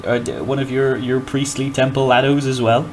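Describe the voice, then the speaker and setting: A man runs a tabletop game with dry, exasperated humour and frequent laughs. His voice sits in a middling register. The recording carries a clear layer of background noise. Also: mid-range voice, little pitch movement, normal speed. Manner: wry, exasperated, laughing often. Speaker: game master.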